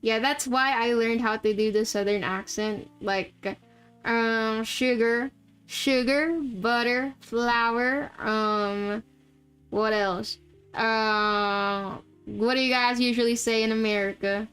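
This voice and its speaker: A woman's voice: medium pitch, steady tone, slow pace, fairly bright tone, clean tone, faint music behind. A young woman from the Philippines streaming live, chatting casually and laughing often while setting up a game. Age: young adult. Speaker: VTuber streamer.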